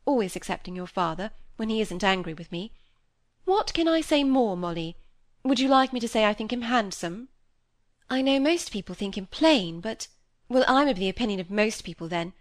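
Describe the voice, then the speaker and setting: A woman voicing a lively, flippant young woman who talks in a breezy, dismissive way. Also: fairly high pitch, no room sound, clean studio sound.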